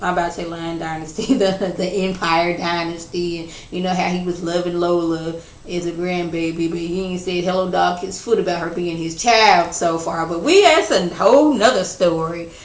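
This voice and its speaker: A woman's voice: on the low side, steady tone, normal speed, few pauses, a little hiss or hum. A woman giving a casual spoken TV episode recap, chatty and slangy, full of "you know" and "like". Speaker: TV episode reviewer. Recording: echoey room.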